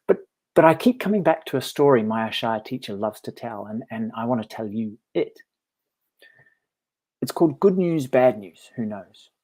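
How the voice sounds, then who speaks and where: A meditation teacher talking casually to camera, telling a parable in a friendly, reflective way with frequent chuckles. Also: male voice, lowish voice, a little mellow. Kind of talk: casual storytelling vlog.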